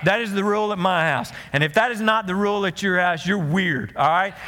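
A man's voice: high-pitched, brisk, sharp tone, in a large hall. A man preaching a sermon as pastor, telling stories in a folksy way with many restarts and asides to the congregation. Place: church sanctuary.

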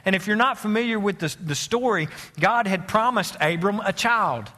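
A man's voice: high-pitched, lively intonation, bright, forceful tone. A man, preaching a sermon as pastor, joking with the congregation and stretching words out for emphasis. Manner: joking asides, preaching cadence with drawn-out emphasis.

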